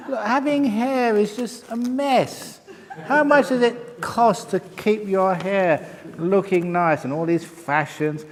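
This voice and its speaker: In a meditation retreat hall, an elderly Buddhist monk takes questions with humor, chuckling at his own punchlines. His voice is high. The recording has a long reverb tail and a little hiss or hum.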